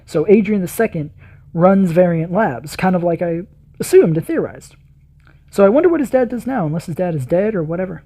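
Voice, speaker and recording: A man's voice: high voice, expressive, brisk, warm tone, breathy edge. A man hosting a reaction video, giving enthusiastic, rambling commentary full of fillers.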